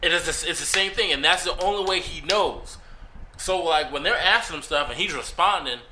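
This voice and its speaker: A man in casual chat, telling a long funny story in a relaxed, laughing way. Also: a little high, a little fast, noisy background. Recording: echoey room.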